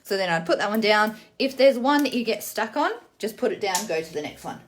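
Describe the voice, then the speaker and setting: A woman walks through phonics card games in a relaxed, chatty tutorial. She sounds words out letter by letter before reading them whole, then explains the rules briskly. Her voice sits at an ordinary middle pitch. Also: a little hiss or hum. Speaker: teacher demonstrating literacy games. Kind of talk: casual tutorial demonstration.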